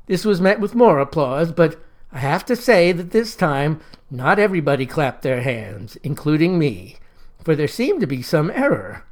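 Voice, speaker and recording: Man, narrator, folksy, wry, deadpan, first-person storytelling. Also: a little high, moderate pace.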